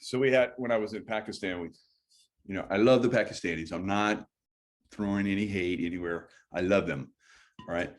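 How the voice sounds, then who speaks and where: Middle aged guy rambling on a livestream, lowish voice, keeps cutting himself off. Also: fairly quick. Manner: rambling, chatty, self-interrupting. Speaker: livestream host. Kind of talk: casual livestream chat. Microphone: phone or computer mic.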